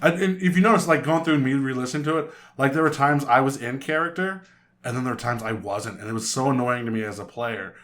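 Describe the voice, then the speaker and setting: A man's voice: mid-range voice, quick pace, reverberant. A man co-hosting a casual chat about tabletop role-playing, swearing freely and acting out quotes in funny voices. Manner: profane, animated, acts out quotes. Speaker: podcast co-host.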